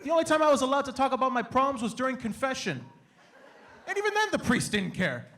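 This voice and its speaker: A young comedian from Canada with a strikingly high voice works a live crowd on stage. He is animated and playful, slipping into quick impressions of his family. A faint hum of room noise sits under his voice. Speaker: stand-up comedian. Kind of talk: stand-up comedy set.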